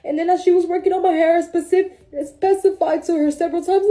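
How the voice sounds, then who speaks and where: A woman's voice: very high-pitched, fairly even intonation, quick pace, hardly any pauses, warm tone. A woman casually telling a story about a salon visit, emotional and informal, calling listeners "bro". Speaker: salon client. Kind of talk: storytime recounting.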